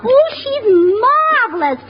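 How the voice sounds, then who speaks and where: A woman's voice: extremely high pitch, sing-song, slow pace, heavily acted. A woman playing a scatterbrained young wife in 1940s radio comedy, gushing with breathless, illogical chatter. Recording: dull old radio broadcast, audience, hiss.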